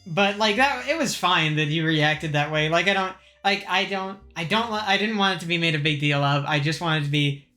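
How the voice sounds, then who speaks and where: Casual podcast host: young woman, low-pitched, level delivery, laughs a lot, many restarts. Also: fairly quick, few pauses, faint music behind. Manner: even-keeled, frequent laughter, many restarts. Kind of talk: casual group chat.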